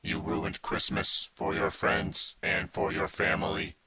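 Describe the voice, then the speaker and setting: A cold robot ghost drones each word like a computer, as a man puts on a metallic voice. The voice sits extremely low and barely moves in pitch, yet has a sharp, bright edge. It is a storybook audiobook figure, unfeeling and slow. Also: monotone, slight background noise, full character voice. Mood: cold, droning. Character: cold droning robot ghost of the future, male. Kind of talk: audiobook character voice.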